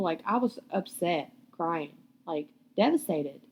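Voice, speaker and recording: A woman's voice: medium pitch, measured pace. Young woman telling her life story on a podcast, swears a lot, muffled lo-fi sound. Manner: blunt, profane, candid. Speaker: podcast host. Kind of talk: personal storytelling.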